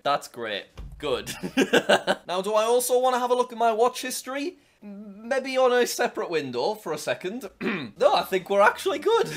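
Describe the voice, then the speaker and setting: A man's voice: on the high side, fairly bright tone. A young man in his twenties, a YouTuber chatting casually and laughing at himself while browsing his old channel. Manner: chatty, self-mocking, laughs often. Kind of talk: casual vlog commentary.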